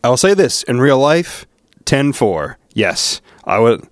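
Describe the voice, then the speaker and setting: A man's voice: mid-range voice, big pitch swings, slow, no room sound, studio quality. Wry male podcast co-host. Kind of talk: crude casual banter.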